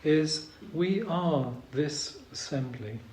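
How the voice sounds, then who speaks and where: Slow, halting man teaching. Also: a little high, expressive, a little hiss or hum. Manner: slow and hesitant, many ums, gently humorous. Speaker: Zen meditation teacher. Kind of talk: dharma talk at a retreat. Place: retreat meditation hall. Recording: roomy hall with faint ambience.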